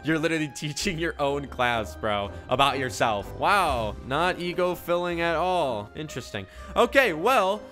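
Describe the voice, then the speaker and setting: A man giving excitable gameplay commentary with dramatic reactions. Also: fairly high pitch, normal speed, hardly any pauses, soft background music. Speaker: gaming YouTuber.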